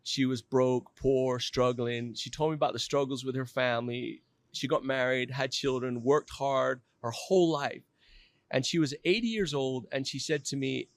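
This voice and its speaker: A man in his fifties, a podcast guest, telling a personal story in an earnest, animated way. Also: medium pitch, normal speed, dry recording.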